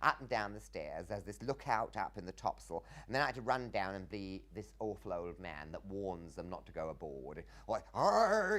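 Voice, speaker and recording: English guy in his 50s, lowish voice, swoops way up when he mimics people, laughs a lot, theatrical storyteller. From England. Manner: theatrical, jumps into high mimicking voices for quoted lines, laughs often. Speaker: interviewee. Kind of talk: anecdotal interview storytelling.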